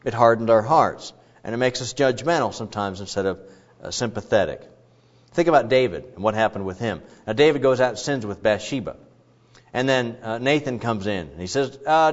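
A man's voice: medium pitch, lively intonation, fairly quick. A man preaching an expository sermon in a conversational, digressive way with frequent asides. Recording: dull lo-fi recording.

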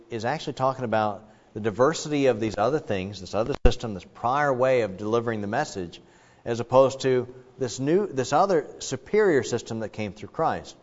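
A man giving a sermon, explaining scripture in a conversational way with frequent restarts. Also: fairly low pitch. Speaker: pastor. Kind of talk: sermon with Bible teaching. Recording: dull sound, long hall reverb.

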